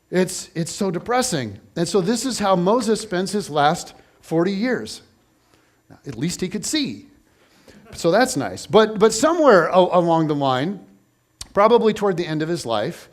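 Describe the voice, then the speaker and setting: A man preaching a sermon in a relaxed, conversational way. His voice sits fairly high, and he keeps breaking into quick asides and restarting his sentences, so it sounds animated rather than formal. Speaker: pastor.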